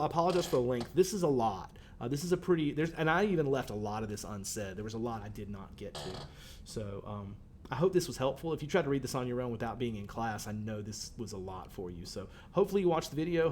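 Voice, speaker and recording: A man's voice: mid-range voice, a little mellow, a little hiss or hum. A male teacher, talking students through a poem in a conversational way, with fillers and lines read aloud. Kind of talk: recorded poetry lesson for students.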